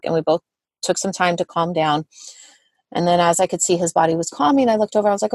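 A woman in her thirties tells a long personal story in a relaxed interview, dropping "like" often and acting out what people said. Her voice sits fairly low, and the sound is dry and close. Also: fast, dry recording. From Southern California. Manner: chatty, many "like" fillers, acts out quotes. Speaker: guest therapist and parent. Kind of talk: casual podcast interview storytelling.

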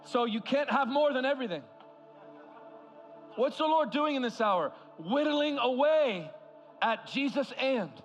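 A man preaching an impassioned sermon as a guest speaker, swinging from loud cries to hushed words. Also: very high voice, animated, a little slow, pauses often, muffled recording, soft background music. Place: large church hall.

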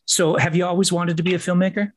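A male actor hosting an interview podcast, asking questions in a chatty, animated way. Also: high voice, quick pace, slight background noise.

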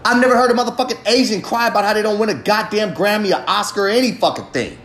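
A man with a high-set voice rants through a fiery monologue. He swears constantly and hammers every point hard. The sound comes back off the walls of a roomy, echoey space. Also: fast talker, a bit bright, a little hiss or hum. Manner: heavily profane, ranting, emphatic. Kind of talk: impassioned monologue. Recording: roomy echo.

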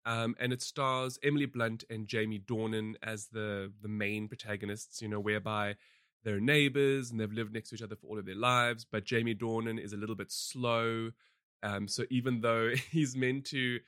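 A man's voice: lowish voice, fairly bright tone, no room sound, clean studio sound. A man hosting a podcast, chatting casually about films in a rambling way with many fillers and frequent laughs. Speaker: podcast host reviewing films. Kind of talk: casual chat.

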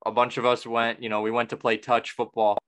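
A man's voice: medium pitch, monotone, fairly quick, a bit bright. A young man hosting a podcast, chatting casually and telling a rambling story full of restarts and self-corrections. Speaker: podcast host.

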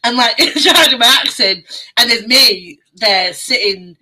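Woman podcast co-host, bright tone, casual and chatty. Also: fairly high pitch, measured pace, low-quality recording. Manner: lively, chatty, swears casually. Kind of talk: casual chat.

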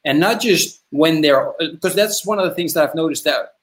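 A man talking in a lively, chatty way in a casual podcast conversation, often checking in with "right?". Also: on the high side, moderate pace, slight background noise. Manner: animated, chatty, tags lines with "right?".

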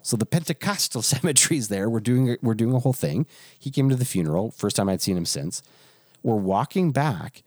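A man's voice: medium pitch, lively intonation, fairly quick, a little mellow, dry recording, studio quality. A man who is a pastor, telling a story in casual chat with restarts and frequent chuckles.

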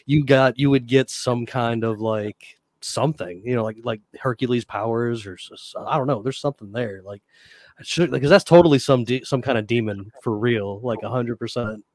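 A man's voice: medium pitch, normal speed, a little mellow, dry recording, clean studio sound. Hesitant rambling man. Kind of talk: casual chat.

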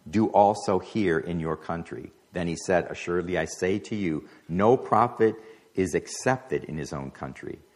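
A man teaching a Bible passage, reading the verses aloud and then explaining them in a relaxed, conversational way. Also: low voice. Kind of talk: sermon-style Bible teaching.

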